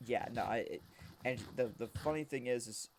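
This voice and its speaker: A man's voice: mid-range voice, normal speed, slight background noise. Rambling young man telling a story. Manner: rambling, animated, shouts quoted punchlines. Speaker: streamer. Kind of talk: casual storytelling while gaming.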